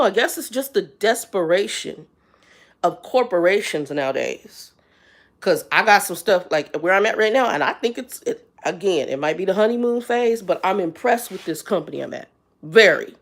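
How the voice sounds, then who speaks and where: A blunt, exasperated woman in her fifties, ranting on a live stream as the channel's host. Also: medium pitch. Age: 50s. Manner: blunt, exasperated, talks straight to viewers. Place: Arizona.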